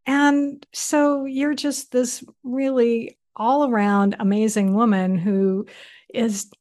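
A woman's voice: a little high, level tone, takes it slowly, darkish tone. A woman hosting an interview show, introducing her guest with enthusiastic praise. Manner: enthusiastic, complimentary. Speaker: podcast host.

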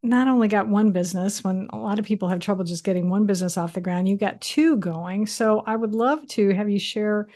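A woman hosts an interview show and introduces her guest with eager, complimentary warmth. Her pitch sits in the middle range. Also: brisk, hardly any pauses. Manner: enthusiastic, complimentary. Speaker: podcast host.

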